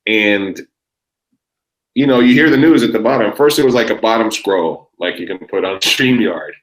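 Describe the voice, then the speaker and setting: A man's voice: on the low side, moderate pace, low-quality recording. A man, telling a rambling, profane story as a podcast guest. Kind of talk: casual chat.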